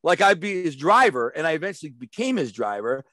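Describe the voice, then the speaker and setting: A streetwise man spins long, rambling stories in a casual interview, repeating himself and slipping into other people's voices. His voice sits a little high for a man, and the sound is dry and close with no room around it. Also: sing-song, brisk, sharp tone, dry recording. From Detroit. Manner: rambling, repeats words, acts out quoted voices; streetwise and blunt. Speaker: interview guest.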